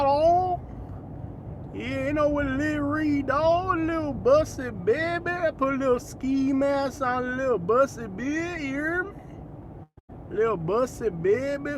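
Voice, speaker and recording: A man's voice: high voice, vocal fry, noisy background. A man putting on the voice of a young street hustler, slurring and mumbling his slang so it runs together.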